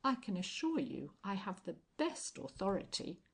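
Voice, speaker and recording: A woman's voice: mid-range voice, very animated, moderate pace, creaky, breathy edge, exaggerated voice. A woman doing a pompous smug village doctor. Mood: smug insistence. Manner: pompous and insistent. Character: smug, self-satisfied village doctor, man.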